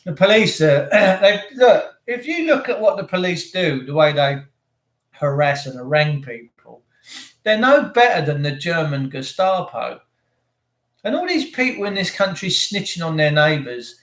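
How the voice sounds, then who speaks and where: Guy ranting on a livestream, kinda high voice, sarcastic, echoey room. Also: big pitch swings, a little slow, fairly bright tone. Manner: sarcastic, opinionated, talks to chat viewers. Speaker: livestream host. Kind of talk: rambling ranting monologue. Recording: roomy echo.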